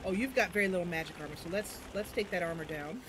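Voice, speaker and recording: A woman hosting a livestream, talking in an excitable, giggly, expressive way as she plays a fantasy game at home. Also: fairly low pitch, quick pace, noisy background. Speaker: streamer and host. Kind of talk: livestream gameplay commentary.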